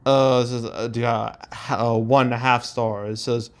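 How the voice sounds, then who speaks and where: A man's voice: medium pitch, steady tone, moderate pace, hardly any pauses. A young man hosting a casual commentary, reading audience reviews aloud with fillers, stray hums and chuckles. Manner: rambling, chuckling, filler-heavy. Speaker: host.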